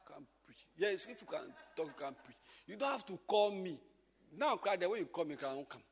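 A man, a pastor teaching a church group informally, swinging from loud exclamations to quiet asides. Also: sits high, expressive, brisk, gravelly, big-room sound.

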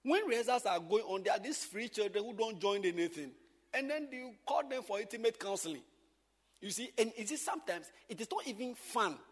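A man's voice: high-pitched, brisk, long reverb tail. A man, teaching church workers in an emphatic, repetitive way. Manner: animated, emphatic, repeats points.

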